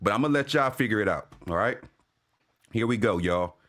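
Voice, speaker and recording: A man hosting a casual sports fan livestream, talking in loose, profane slang and shouting out viewers. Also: on the low side, expressive, moderate pace. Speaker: sports fan show host.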